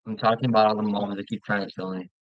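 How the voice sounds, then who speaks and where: A man chatting casually while playing a game with a friend, relaxed and talkative, often stumbling and restarting his sentences. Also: lowish voice, quick pace, dry recording, dull audio. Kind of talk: casual gaming chat.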